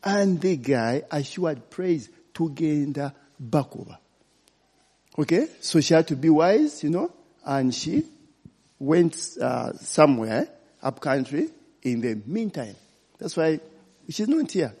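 A man's voice: on the high side, very animated, slow pace, darkish tone, husky. A man preaching an informal sermon, often checking in with "eh?" and "okay?". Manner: chatty, frequent "eh?" and "okay?" check-ins. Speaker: pastor. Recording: long hall reverb.

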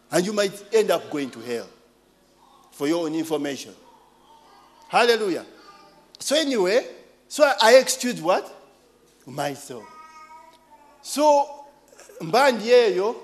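A Ugandan preacher in his forties tells stories from the pulpit in a high, swooping voice. He speaks slowly, tossing questions to his listeners between lines. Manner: animated storytelling, call-and-response asides. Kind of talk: sermon with personal stories.

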